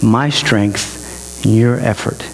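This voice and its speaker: A male pastor voicing God as a patient, gentle figure who speaks reassuringly in a sermon. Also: lowish voice, slow pace, voice pushed down. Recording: reverberant hall with mains hum.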